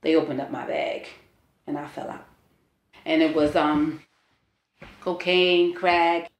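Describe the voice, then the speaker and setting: In an echoey room, a low-voiced woman in her forties gives an interview, telling her personal testimony with candor and earnestness, an emotional story filled with "you know" and "like."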